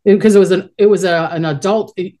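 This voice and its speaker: Middle-aged woman, low-pitched voice, rambling casual storytelling, chatty with frequent restarts. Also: fairly even intonation, quick pace, dark tone. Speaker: guest, psychic medium.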